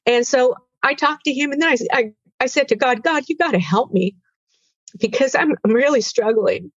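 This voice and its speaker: A woman in her sixties giving an earnest personal testimony as an interview guest, halting and tearful at times. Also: sits high, dry recording, lo-fi sound.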